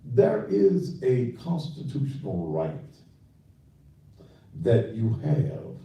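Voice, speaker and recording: A man's voice: mid-range voice, big pitch swings, slow, dark tone, very echoey, recorded from a distance, poor audio. An older man hosting a talk show, lecturing his listeners in a preachy, scolding way. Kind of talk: radio commentary.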